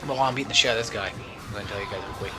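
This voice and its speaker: A man's voice: lowish voice, very fast. A young man rambling through casual gameplay commentary as a let's play host, talkative and self-mocking. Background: faint game music.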